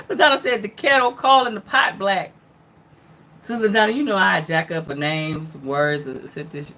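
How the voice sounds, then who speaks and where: In a mid-range, sharp-toned voice, a woman takes her time with long pauses as she hosts a casual livestream going over the news headlines. She reacts in a loose, conversational way full of mm-hmms and asides, greeting viewers and answering them by name.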